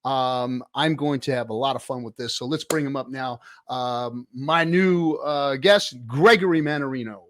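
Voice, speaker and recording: A man's voice: medium pitch, moderate pace, few pauses, a bit bright. A man hosting a casual chat show. He talks in a folksy, rambling way and trails off with fillers. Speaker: host.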